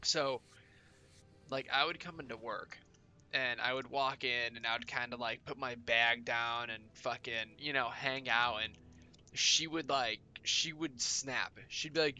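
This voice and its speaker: A man streams and chats with his viewers, rambling through a story full of curse words and "like." His voice is very bright and sharp, set in the middle of the usual pitch range. The talk is loose and unscripted. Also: fairly even intonation, a little slow. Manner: rambling, heavy swearing, lots of "like". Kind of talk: casual chat with viewers.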